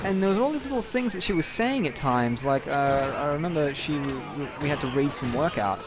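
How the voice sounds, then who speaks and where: A man's voice: a little high, expressive, a little fast. A young man telling a long, rambling personal story over gameplay, candid and casual with frequent swearing. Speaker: gameplay commentator.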